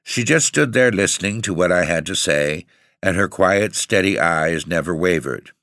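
A man reading a first-person story as narrator, in a measured, composed way. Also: low-pitched, animated, fairly bright tone, no room sound, clean studio sound.

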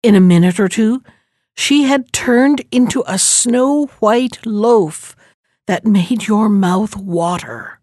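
A woman narrating an old fairy tale and giving each character a different pitch. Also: slow, darkish tone, no echo, studio quality. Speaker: storyteller.

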